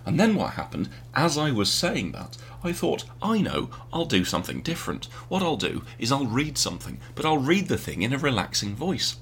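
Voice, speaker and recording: A man's voice: medium pitch, huge pitch swings, moderate pace, vocal fry, hardly any pauses, fairly bright tone, slight background noise. A man co-hosting a casual home podcast, rambling and easily sidetracked, mocking himself as he goes. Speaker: podcast co-host. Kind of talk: casual chat. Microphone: home podcast mic with earpiece.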